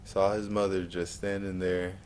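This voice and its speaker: Deep-voiced man retelling a movie. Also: normal speed, a little hiss or hum. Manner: animated retelling with sudden high-pitched outbursts. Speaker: movie reviewer. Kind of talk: casual movie review vlog.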